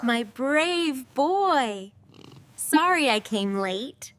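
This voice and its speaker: A woman voicing a gentle, loving mother who comforts her scared son in a bedtime story, speaking softly and reassuringly. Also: high voice, lively intonation, extremely slow, a little hiss or hum, exaggerated voice. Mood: soothing. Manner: soft, soothing and reassuring. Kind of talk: storybook acting. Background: music.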